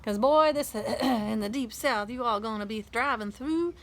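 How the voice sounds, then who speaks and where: A woman's voice: a little high, unhurried, slight background noise, lightly acted. A woman reading a storybook aloud, voicing a father who mocks a Southern drawl in a raised voice. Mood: mocking drawl. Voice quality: exaggerated drawl.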